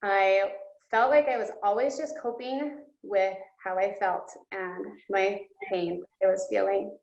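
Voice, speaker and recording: At a coaching session, a female guest speaker shares a heartfelt, emotional testimony, sometimes breaking into laughs. Her voice is mid-range, gravelly and darkish, with fairly even intonation and a slightly slow pace. The recording sounds roomy, dull and lo-fi.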